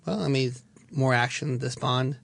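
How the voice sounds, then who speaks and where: A man in his thirties with a gravelly, creaky edge to his voice gives movie reviews in loose studio banter. He talks in short, simple sentences full of ums and uhs. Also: medium pitch, fairly even intonation, no room sound. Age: 30s. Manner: halting, simple sentences with many fillers. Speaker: show staffer giving movie reviews.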